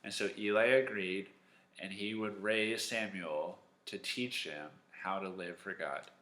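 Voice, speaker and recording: Animated man telling a Bible story. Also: low-pitched, measured pace. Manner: lively, animated storytelling with acted-out lines. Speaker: Sunday school teacher. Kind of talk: storytelling Bible lesson for kids. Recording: echoey room.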